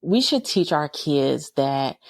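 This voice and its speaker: A woman's voice: low voice, very animated, slow, dry recording, studio quality. A middle-aged woman, hosting a podcast in a casual monologue, candid and full of rhetorical questions. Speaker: podcast host.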